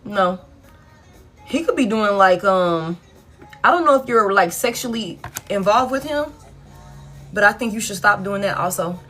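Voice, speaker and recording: A woman's voice: medium pitch, lively intonation, normal speed, a bit bright, faint music behind. A woman giving a casual live tarot reading, blunt and frank, swearing freely and repeating herself for emphasis. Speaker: tarot reader.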